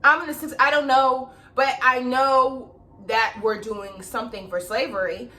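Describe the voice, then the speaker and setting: A young woman casually telling a story to camera, animated and swearing freely as she acts out the people in it. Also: sits high, a little slow, distant mic.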